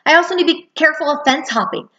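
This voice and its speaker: A woman in her thirties or forties gives a spoken lesson on relationship boundaries in a fairly high voice. She talks earnestly and slips into acted-out dialogue to make her points. The recording sounds muffled and lo-fi. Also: racing, a bit bright. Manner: earnest, acts out quoted dialogue.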